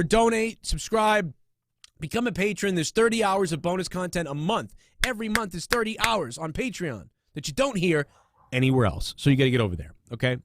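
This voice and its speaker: A man hosting a comedy podcast, ranting casually with constant fillers, restarts and swearing. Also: on the high side. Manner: rambling, profane, many fillers and restarts. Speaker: podcast host.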